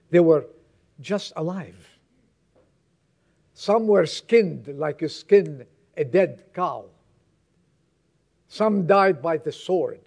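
A man preaching a sermon as pastor, telling stories dramatically and moving between loud exhortation and hushed tones. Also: fairly high pitch, gravelly.

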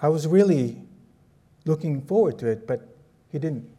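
Preacher guy telling a story, mellow and a bit high, asks the crowd stuff. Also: normal speed. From Philippines. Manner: animated, conversational, asks the audience questions. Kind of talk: sermon with personal storytelling.

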